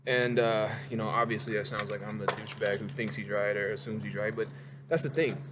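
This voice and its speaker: A man's voice: on the low side, fairly even intonation, brisk, noisy background. Heated, profane man ranting at home. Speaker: vlogger. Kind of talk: casual rant to camera. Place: home kitchen.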